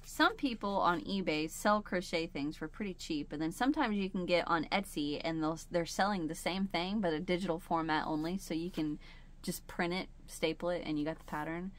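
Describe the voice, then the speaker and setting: A woman's voice: fairly low pitch, moderate pace. A woman hosting a home crochet video, talking casually and rambling, with frequent laughs, while sitting in a chair at home. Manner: chatty and rambling, laughs often. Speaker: crochet channel host. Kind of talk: casual chat.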